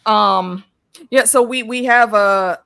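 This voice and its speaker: A woman hosting a casual show discussion, animated, laughing often and repeating her words as she talks. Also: on the high side, slow pace, clear, resonant tone, dry recording. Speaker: host.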